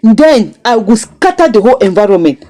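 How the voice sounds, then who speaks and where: A furious older mother, scolding and accusing her daughter, as a woman reviewer puts her on. The voice is dark and mellow but swings widely in pitch. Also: sing-song, brisk.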